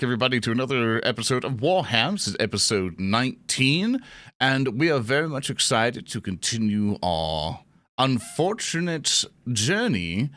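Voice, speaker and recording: A man hosting a tabletop game podcast, opening the episode in a playful, animated way before handing over to the game master. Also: mid-range voice, dry recording. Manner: playful, animated, drawn-out delivery. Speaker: host. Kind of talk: casual podcast intro.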